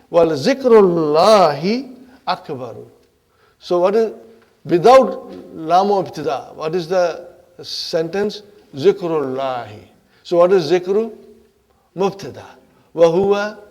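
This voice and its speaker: A man teaching an Arabic grammar class, animated and playful, acting out grammar words as characters and often checking in with his students. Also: sits high, takes it slowly, long pauses. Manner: animated, checks in with the class with frequent "Huh?" and "Are you with me?".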